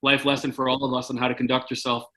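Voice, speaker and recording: A man's voice: medium pitch, completely flat delivery, racing, bright, forceful tone, rough recording. A man in his forties, a former hockey player telling rambling stories as a podcast guest, with many fillers and restarts. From Canada. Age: 40s. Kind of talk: casual storytelling.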